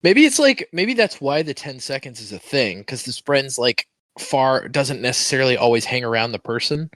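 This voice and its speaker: Jokey male co-host, casual chat, expressive voice, dead-dry recording. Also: mid-range voice, moderate pace, no echo. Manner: playful, jokey, laughs often. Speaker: podcast co-host.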